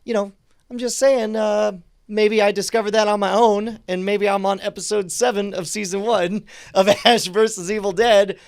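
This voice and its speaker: High-voiced male podcast co-host. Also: moderate pace, smooth. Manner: animated, acts out mock quotes. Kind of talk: casual chat.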